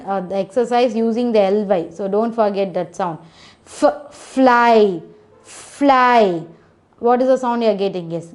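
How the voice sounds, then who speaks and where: Very slow-paced woman teaching phonics. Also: on the high side, a little mellow. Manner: spells words out letter by letter, repeats each word.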